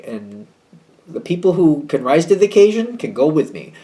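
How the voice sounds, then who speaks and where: Lively-pitched chatty male tarot reader. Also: brisk. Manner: chatty, hedging, wry and a little snippy. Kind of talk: casual tarot reading video.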